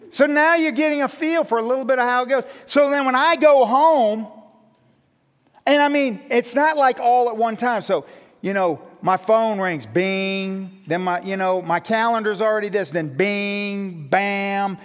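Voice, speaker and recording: High-voiced preacher with long reverb. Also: male voice, a little slow. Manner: storytelling, self-mocking, animated. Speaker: pastor. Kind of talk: sermon.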